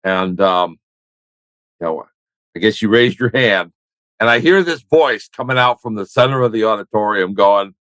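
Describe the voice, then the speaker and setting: An older man with a fairly low voice tells a meandering war story, doubling back on his words with dry humor. His voice sounds close and dry, with no room around it. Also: expressive, normal speed, a bit bright, smooth, no echo, poor audio. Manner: rambling, self-correcting, wry. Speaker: military veteran guest. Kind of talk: conversational storytelling.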